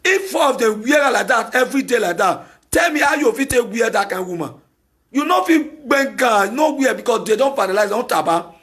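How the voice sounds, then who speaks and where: A Nigerian-accented man hosts a talk show with an opinionated solo monologue. His voice sits high for a man, and he hammers his points through repetition, at times breaking into shouts. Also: animated, a little fast. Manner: emphatic and repetitive, with bursts of shouting.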